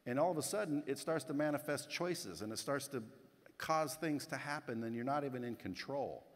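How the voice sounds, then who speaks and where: Male keynote speaker, mid-pitched, blunt and casual, working the crowd, long hall reverb. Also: animated, moderate pace. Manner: blunt, casual, swears, addresses the crowd directly. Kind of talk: motivational keynote speech. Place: conference hall stage.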